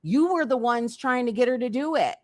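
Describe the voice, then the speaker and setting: A woman's voice: on the high side, expressive, fairly quick, no echo. A woman hosting a casual commentary livestream, talking bluntly and repeating her points for emphasis.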